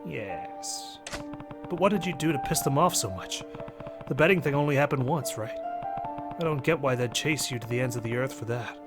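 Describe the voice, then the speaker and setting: A man giving excitable commentary while playing a video game, reacting with exclamations, with game music under him. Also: medium pitch, fairly quick. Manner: animated, reacting with exclamations and laughs. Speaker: let's play host. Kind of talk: casual gameplay commentary.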